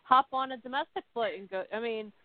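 A woman hosting a casual conversation, relaxed and encouraging, with lots of "like" and "I mean". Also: on the high side, a little fast, dry recording. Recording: tinny phone-like line.

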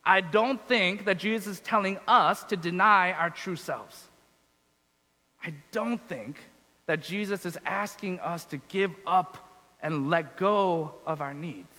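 Guy preaching in a big echoey room, high bright voice, thoughtful and questioning. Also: slow. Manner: reflective, asks questions, repeats phrases. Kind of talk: sermon.

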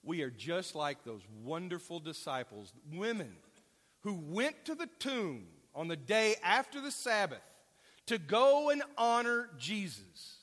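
Speaking a little slowly, a man with a high-sitting, fairly bright voice and big pitch swings gives a conversational sermon. He questions his congregation and adds offhand remarks, his words echoing with the long reverb of a large hall.

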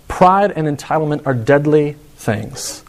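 A young man delivers a sermon in an earnest, searching way. His voice sits somewhat high for a man. He poses rhetorical questions and often restarts his phrases as he talks. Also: expressive, a little slow, creaky. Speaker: pastor.

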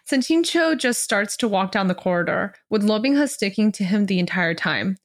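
A young woman co-hosting a podcast, retelling a story in an animated way and adding playful asides. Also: medium pitch, normal speed, a little hiss or hum. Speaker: podcast co-host. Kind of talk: reading a chapter summary aloud, casual asides.

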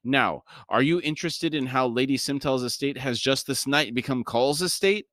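A man's voice: mid-range voice, moderate pace, fairly bright tone, no room sound, studio quality, voice pushed up, lightly acted. A man voicing a pompous, verbose male rogue who refers to himself by name and speaks in a florid, theatrical way. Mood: grandiloquent.

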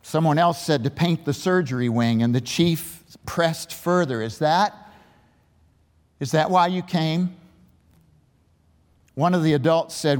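Man, pastor, slow sermon delivery, slightly high voice, long church reverb. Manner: storytelling preacher, emphatic questions. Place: large church sanctuary.

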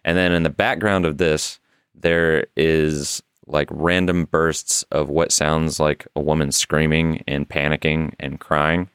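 A man's voice: extremely low pitch, flat delivery, slow pace, a bit bright, smooth, no echo, clean studio sound. A man co-hosting a podcast, loosely recapping an internet mystery with some swearing and frequent laughs. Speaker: podcast co-host. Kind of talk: casual podcast story recap.

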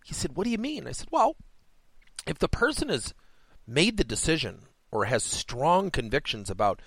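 A man with a lively, rising and falling voice hosts a solo coaching podcast. He tells a workplace story and acts out both people in the conversation. The sound is dry and close, with no room echo. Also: medium pitch, moderate pace, slightly rough. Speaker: podcast host and business coach.

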